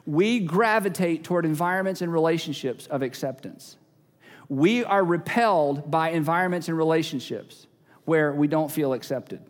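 A man's voice: on the high side, moderate pace, big-room sound. A male pastor preaching a sermon, emphatic and repeating key phrases, now and then acting out little everyday scenes.

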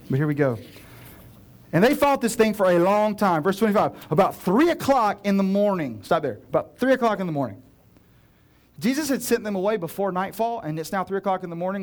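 Joking, casual preacher with a bright voice. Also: male voice, on the high side. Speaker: pastor. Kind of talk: sermon.

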